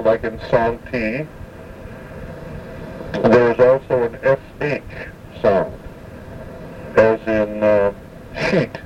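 Slow, halting male language teacher. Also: on the low side. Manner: halting, with frequent "uh" pauses. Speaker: language instructor. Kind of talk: explaining pronunciation. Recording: muffled, distant, faint background hum.

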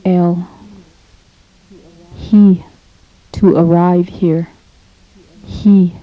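Slow, flat-voiced woman teaching a language lesson. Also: on the low side, dry recording. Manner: slow, measured, repeats each phrase for practice. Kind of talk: recorded language lesson drill. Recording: dull lo-fi cassette tape.

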